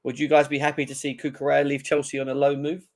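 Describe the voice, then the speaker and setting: Man, livestream host, casual chat, excitable, greets viewers by name. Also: mid-range voice, fast.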